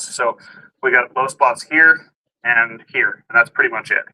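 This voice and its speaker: A man's voice: medium pitch, a little slow, bright, forceful tone, poor audio. A man walking viewers through a do-it-yourself car job in casual, step-by-step how-to narration. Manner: step-by-step explaining, plain and upbeat. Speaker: DIY car vlogger.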